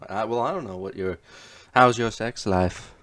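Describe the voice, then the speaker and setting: A young man with a low voice co-hosts a casual podcast. He keeps his lines short, prodding his partner with teasing questions. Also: moderate pace, a bit bright. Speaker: podcast co-host. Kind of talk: casual chat.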